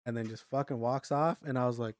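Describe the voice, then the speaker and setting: Fast-talking young man telling a story. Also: medium pitch, steady tone, dry recording, clean studio sound. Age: young adult. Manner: storytelling, swears a lot, says "like" constantly. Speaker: podcast co-host. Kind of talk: casual chat.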